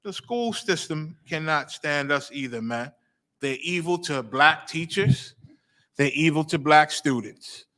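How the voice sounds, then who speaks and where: Male host, preaching commentary, emphatic and repetitive, fairly high, bright voice. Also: expressive, a little slow. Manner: emphatic, repeats phrases and asks 'you understand?'.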